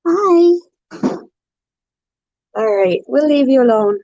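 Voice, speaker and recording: A soft-spoken woman with a fairly high voice hosts a slow, easygoing pet livestream from home. She drifts into near-whispers and coos baby talk at her animals. The audio is dry and slightly muffled, as if from a phone or webcam mic. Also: animated, dry recording. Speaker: pet channel host. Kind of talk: casual livestream chat.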